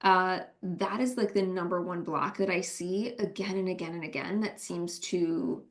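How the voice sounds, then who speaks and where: A woman's voice: lowish voice, steady tone, normal speed. Earnest middle-aged woman coach. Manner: earnest, often asks "right?". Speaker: business coach and co-founder. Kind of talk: reflective interview answers.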